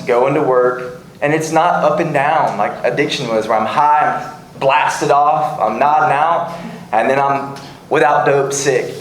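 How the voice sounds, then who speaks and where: Young guy sharing his story at a meeting, earnest, kinda halting, echoey room. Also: a little high. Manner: earnest, halting, with many restarts. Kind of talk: personal testimony at a recovery meeting. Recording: echoey room, faint background hum.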